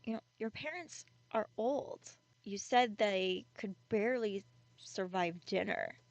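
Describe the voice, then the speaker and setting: A woman's voice: medium pitch, slow pace, vocal fry, dry recording. A woman telling a story, voicing a young woman who goads and mocks her friend in a casual, teasing way. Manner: teasing, goading.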